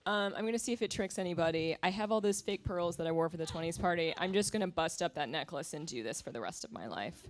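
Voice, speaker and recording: A woman's voice: fairly low pitch, lively intonation, fast, few pauses, a little hiss or hum. A woman guest writer in a library seminar who reads short pieces aloud and chats with many small laughs. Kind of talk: conversational seminar reading aloud. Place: library event room with live audience.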